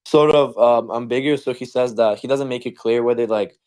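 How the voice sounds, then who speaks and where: A man's voice: medium pitch, a little fast, a little mellow. A young man in an online debate over a voice call, hesitant and full of fillers, often cutting in.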